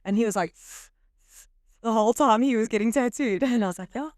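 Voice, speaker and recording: A woman co-hosting a casual podcast chat, an animated storyteller who often quotes other people. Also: fairly high pitch, a little fast, dry recording, clean studio sound. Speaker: podcast co-host.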